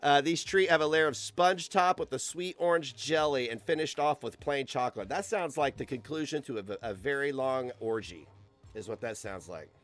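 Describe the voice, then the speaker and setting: A young American man streams from his home computer setup, chatting in a rambling, crude, sarcastic way. His voice sits at a medium pitch and a normal speed, slightly bright, with soft music playing in the background.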